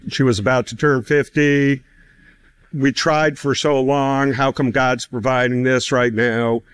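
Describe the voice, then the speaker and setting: Man in his fifties telling a personal story, chatty, keeps saying "you know", dry close mic, middle pitch. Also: fairly even intonation, measured pace, clear, resonant tone, dry recording. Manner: chatty, many "you know" fillers, laughs between phrases. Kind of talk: casual spoken testimony.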